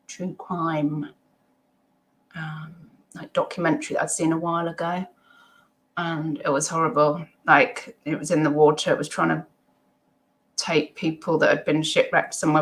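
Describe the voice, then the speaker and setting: A woman's voice: low-pitched, a bit bright. A middle-aged woman, hosting a casual live stream at home, reading chat comments and rambling with many ums and asides.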